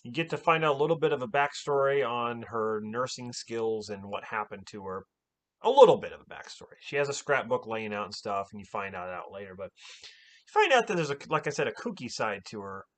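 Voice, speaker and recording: An animated man recaps a horror movie in casual talk, exclaiming and swearing freely. His voice swings widely up and down in pitch. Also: brisk. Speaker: movie reviewer.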